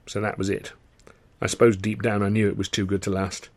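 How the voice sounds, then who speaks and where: A man's voice: lowish voice, flat delivery, fairly quick, a little mellow. Man narrating a first-person audiobook. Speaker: author and reader.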